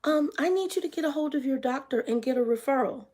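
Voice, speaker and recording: A woman imitating a flustered female clinic receptionist who talks in a high, hesitant, apologetic voice. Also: expressive, quick pace, darkish tone. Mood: polite.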